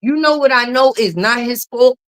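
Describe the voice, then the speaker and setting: Female commentary host, high voice, sassy and blunt, heavy on the mm-hmms. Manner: sassy, emphatic, with frequent drawn-out mm-hmms; blunt and profane. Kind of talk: casual gossip commentary.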